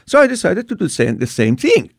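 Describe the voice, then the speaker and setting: Gravelly man in his sixties. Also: high voice, fast talker, dry recording, studio quality. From Iran. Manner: animated retelling with acted-out quotes. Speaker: guest telling his testimony. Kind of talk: personal storytelling.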